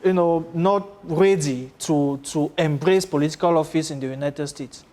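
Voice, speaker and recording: Male TV interviewer, courteous and measured, a touch high. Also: warm tone. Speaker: interviewer, host. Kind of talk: interview questions.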